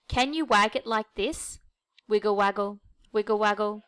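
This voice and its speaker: A woman's voice: sits high, moderate pace, sharp tone, pitched above the performer's own voice. A woman voicing a playful toy puppy with a bouncy, playful way of talking.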